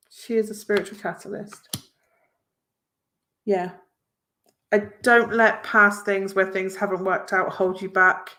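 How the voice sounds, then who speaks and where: A woman's voice: on the low side, creaky, a bit bright. A woman reading cards on a live stream, chatting casually and encouragingly with viewers as she reads out their comments. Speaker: tarot reader hosting a live stream.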